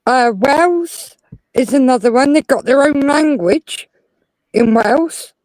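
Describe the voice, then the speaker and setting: A woman's voice: high voice, a little slow, darkish tone, dry recording, rough recording. A woman chatting on a live stream, talkatively explaining things with examples. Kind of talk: casual live-stream chat.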